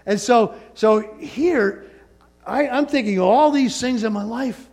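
A man preaching a sermon as pastor, animated and playful, asking the congregation for responses. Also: very high-pitched, a little slow. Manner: animated preaching, rising and falling emphasis, call-and-response asides.

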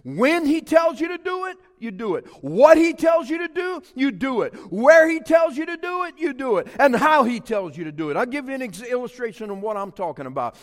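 A man's voice: very high-pitched, sing-song, brisk, hardly any pauses, long reverb tail. A man in his fifties from South Louisiana, preaching a sermon with emphatic, rising repeated phrases. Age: 50s. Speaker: pastor.

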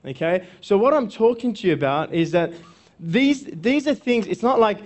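A man's voice: sits high, sing-song, moderate pace. Man coaching a live seminar audience. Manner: conversational, keeps checking in with "okay?", repeats phrases. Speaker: workshop speaker and coach.

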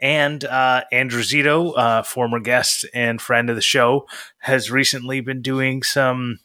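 A man's voice: medium pitch, flat delivery, a little slow, pushed and bright, no echo. A man co-hosting a podcast, chatting casually and rambling with many fillers and restarts. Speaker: podcast co-host.

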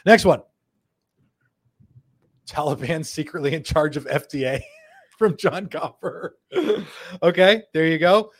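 A man hosting a live show, reading viewer comments aloud with jokes, laughing often and slipping into quick voices for quotes. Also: fairly high pitch, husky. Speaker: host.

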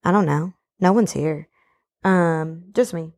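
A woman's voice: on the low side, takes it slowly. Slangy, emphatic young woman podcaster. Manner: animated, emphatic, slangy ("bro", "baby"). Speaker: podcast host. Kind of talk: solo casual podcast rant. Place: at home.

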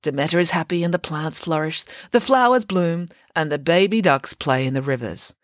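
Woman reading a bedtime story, very lively voice, dry close sound. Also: deep voice, moderate pace, no room sound.

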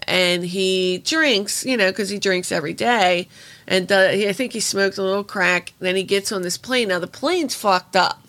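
This is a woman hosting a true crime podcast from her home, speaking in a casual, rambling monologue. Her voice has a gravelly, fried texture at a middle pitch. She swears freely and lets her emotion show as she goes. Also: fairly bright tone.

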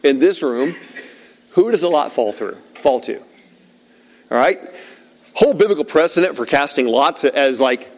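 A middle-aged man preaching to a room of listeners at tables, telling a story in a lively way and acting out the lines he quotes. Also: fairly high pitch, measured pace, pauses often. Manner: animated storyteller, acts out shouted quotes. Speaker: pastor. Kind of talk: sermon with personal story.

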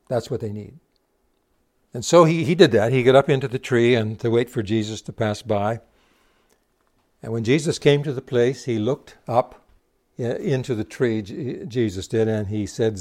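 A man preaches a sermon in a mellow, warm voice. He retells the scripture story with quoted dialogue. He keeps putting rhetorical questions to the congregation. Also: medium pitch.

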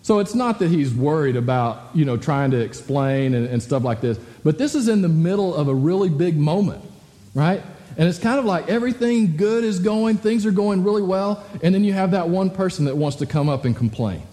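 Casual male pastor, slightly high but mellow voice, chatty asides, long church-hall echo. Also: animated, fairly quick. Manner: conversational, full of rhetorical "right?" asides. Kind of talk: sermon.

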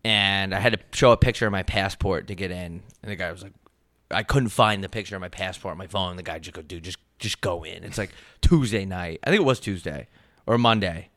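A man's voice: low-pitched, a little fast, fairly bright tone, no echo. A young man co-hosting a podcast, telling a story casually, swearing freely, his voice jumping up when he gets heated. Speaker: podcast co-host.

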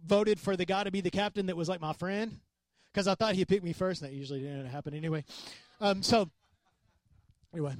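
A man preaching a sermon as a pastor, animated and conversational, acting out quoted voices. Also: high-pitched, no echo.

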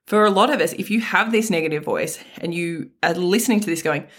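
A woman's voice: fairly low pitch, brisk, a bit bright, husky. A woman hosting a motivational self-help talk, speaking frankly and casually with some mild swearing and lots of emphatic repetition. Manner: emphatic, repeats key phrases. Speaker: self-help podcast host.

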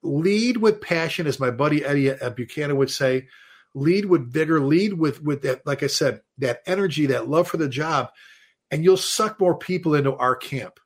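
A man, a fire chief guest on a show, telling stories in an animated, casual way with many restarts and repeated words. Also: on the high side, moderate pace. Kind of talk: casual storytelling.

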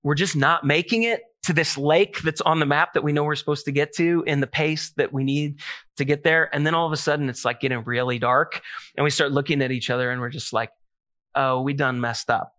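Bright-voiced man preaching animatedly. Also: on the high side, brisk. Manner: animated storytelling with many asides. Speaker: pastor. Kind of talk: sermon.

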